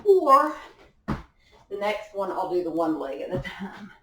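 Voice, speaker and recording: Speaking at a measured pace, this young female fitness instructor has a lowish voice with wide pitch swings that sounds pushed and bright. She runs a home workout class indoors, exercising alongside viewers and offering encouragement. The audio comes from a far-off camera mic in a reverberant room, carrying slight background noise.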